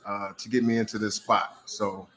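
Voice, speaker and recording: A man casually chatting with his viewers while hosting a watch party, relaxed and talkative. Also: lowish voice, normal speed. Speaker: host of a watch party stream.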